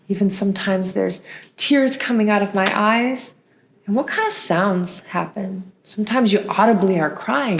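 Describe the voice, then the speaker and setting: A woman songwriting teacher leading a gentle lesson for young children, in sing-song, encouraging teacher talk with playful vocal sounds. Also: mid-range voice, echoey room, a little hiss or hum. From United States.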